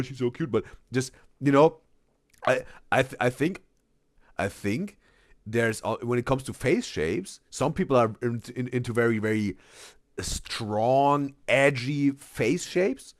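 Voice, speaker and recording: A man's voice: medium pitch, lively intonation, measured pace, no room sound, studio quality. A man hosting a casual live-stream reaction, reading chat aloud and rambling with repeated words.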